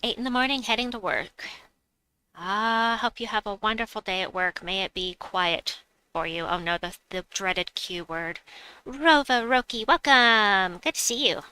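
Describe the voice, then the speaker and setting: A woman's voice: medium pitch, a little slow, pushed and bright, clear, resonant tone, poor audio. A woman streaming a game, chatting casually, reading viewers' messages aloud and laughing often. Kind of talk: casual live-stream chat.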